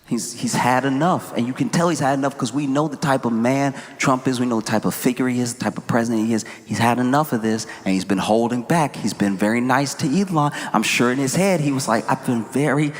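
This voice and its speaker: A man doing stand-up comedy as host, animated and incredulous, swinging between shouts and mutters. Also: medium pitch, brisk, few pauses. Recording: roomy hall with audible ambience.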